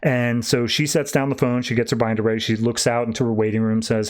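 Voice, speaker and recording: A man's voice: medium pitch, quick pace, hardly any pauses. A male podcast host loosely retelling a comic book story in casual chat, paraphrasing the characters as he goes.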